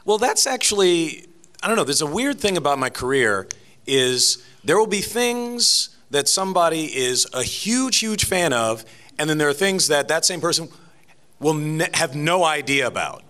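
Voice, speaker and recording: Lively bright-voiced man on a panel. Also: fairly high pitch, moderate pace. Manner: animated, chatty, with laughs and restarts. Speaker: guest voice actor. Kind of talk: convention panel interview answers. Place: convention panel stage.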